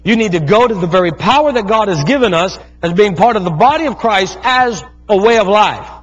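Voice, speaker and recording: The sermon comes from a man in his thirties, a pastor who tells stories and calls out to the congregation with fervor. He speaks briskly in a high voice with lively intonation, captured on a dull, lo-fi recording.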